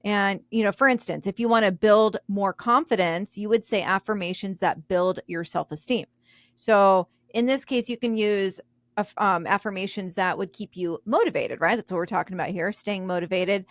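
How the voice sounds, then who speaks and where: A woman's voice: mid-range voice, moderate pace, no echo. Bubbly podcast co-host lady, laughs a lot, dry close mic. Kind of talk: casual chat.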